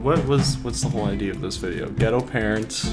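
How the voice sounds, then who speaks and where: A man's voice: lowish voice, fairly quick. A young man in casual chat as co-host, joking crudely and laughing often. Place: hot room. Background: guitar music.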